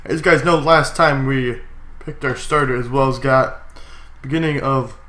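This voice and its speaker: A young man with a stuffy, congested cold voice gives chatty, excitable commentary while playing a game, with sudden yelps. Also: medium pitch, moderate pace. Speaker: gaming YouTuber. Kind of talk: casual Let's Play commentary.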